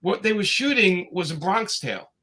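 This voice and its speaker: A man tells his stories in a loose, meandering way, stopping and restarting with plenty of fillers. His voice sits a bit high and comes across bright and forceful. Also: sing-song, normal speed. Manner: rambling anecdotes with many fillers and restarts. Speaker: comics creator telling stories. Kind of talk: casual storytelling chat.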